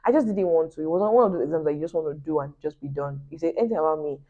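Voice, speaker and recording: A woman's voice: deep voice, racing. A young woman, chatting animatedly to her viewers and telling a personal story with laughing asides. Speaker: vlogger. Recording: dull lo-fi recording.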